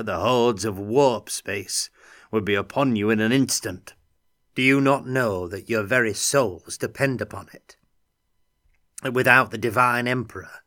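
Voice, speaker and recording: A man voicing a zealous, pompous male Imperial judge who lectures loudly in rhetorical questions. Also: on the low side, pitched above the performer's own voice.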